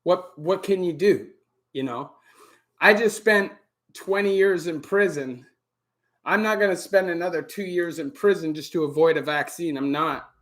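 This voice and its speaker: A middle-aged Canadian man with a Canadian accent hosting a relaxed live Q&A stream, greeting viewers by name and filling gaps with "you know". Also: a little high, normal speed. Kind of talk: casual live-stream chat. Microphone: camera on a stand.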